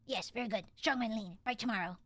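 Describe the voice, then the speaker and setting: A woman voicing a gruff, cold male kobold who talks in short, broken deadpan phrases. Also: on the high side, fast talker, voice pushed down. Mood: curt. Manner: clipped broken speech, deadpan.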